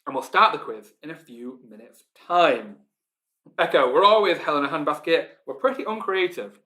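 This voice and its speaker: A man's voice: on the high side, lively intonation, normal speed, pushed and bright. A man with a Yorkshire accent hosting a live online pub quiz, chatty, reading out team names and laughing often. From Yorkshire, England. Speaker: quiz host.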